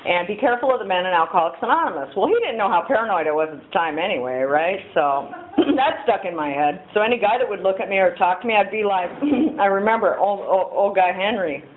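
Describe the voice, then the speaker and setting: A woman's voice: mid-range voice, animated, brisk. A middle-aged woman speaking at a recovery meeting, candid and storytelling. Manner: candid, storytelling, acts out quoted voices. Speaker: AA speaker sharing her story. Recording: tinny phone-like audio with faint hiss.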